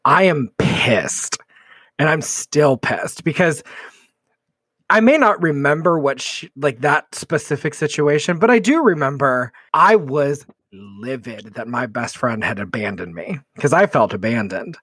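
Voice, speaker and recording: A man from Texas, a podcast co-host, telling a personal story in casual chat with lively, vivid detail and some swearing. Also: medium pitch, a little slow, husky, no room sound. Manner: animated, vivid storyteller who swears freely.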